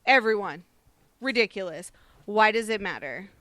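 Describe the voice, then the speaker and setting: Woman radio cohost, bright clear voice, dry close sound, brushes off gossip. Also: mid-range voice, lively intonation, normal speed, dry recording. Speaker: radio co-host reading news. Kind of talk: casual talk radio.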